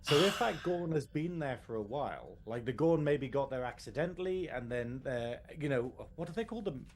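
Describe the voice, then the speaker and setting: A man's voice: medium pitch, expressive, moderate pace, a little hiss or hum. A man, co-hosting a casual review podcast, talking in an emotional, rambling way with many restarts. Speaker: podcast co-host.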